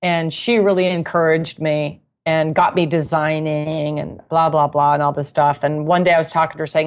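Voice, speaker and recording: A woman with a fairly low voice tells stories to an interviewer. She talks in a chatty, animated way and laughs often. It sounds like a relaxed, casual conversation. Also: moderate pace, hardly any pauses. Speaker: guest musician and knitting author.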